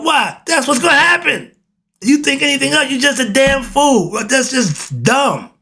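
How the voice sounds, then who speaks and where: A man's voice: sits high, fairly bright tone. A man, giving a casual, blunt monologue, often laughing and asking and answering his own questions. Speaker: host of a philosophy talk channel.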